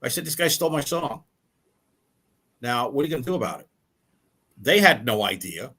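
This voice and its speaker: A man's voice: mid-range voice, sing-song, moderate pace, sharp tone, breathy edge. An older man who is a rock musician, telling stories as an interview guest. He acts out quoted dialogue and often repeats and restarts words. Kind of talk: storytelling in a casual interview.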